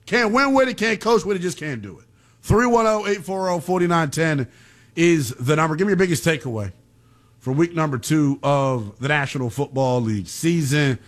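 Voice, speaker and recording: A man hosting a late-night call-in sports radio show in a brash, slangy, animated way from the studio. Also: a little high, moderate pace.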